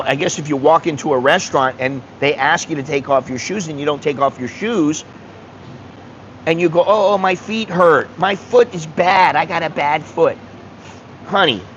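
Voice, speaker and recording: A man's voice: a little high, a bit bright, slight background noise, low-quality recording. An American man vlogging in a casual chat, telling stories bluntly and animatedly and swearing freely. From United States. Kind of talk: casual vlog chat, reading viewer comments.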